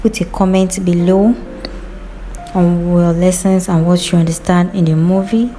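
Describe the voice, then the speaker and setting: Female narrator, low and mellow, casual storytelling recap voice. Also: steady tone, a little slow, faint music behind. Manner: chatty retelling, quoting characters' lines.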